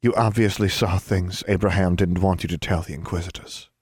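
A man reading the lines of a dignified middle-aged witch and mother, soft, wry and tender, in a low voice with a dry sound. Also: fairly even intonation, brisk, slightly rough, dry recording. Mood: gentle.

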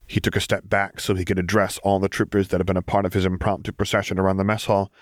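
A man narrating a story in a steady, gentle audiobook reading. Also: deep voice, fast, no echo, clean studio sound.

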